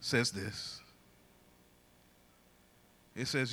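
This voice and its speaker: A man who is a pastor, preaching a sermon and breaking into loud song. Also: mid-range voice, normal speed, pauses often. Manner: preaching with bursts of loud singing.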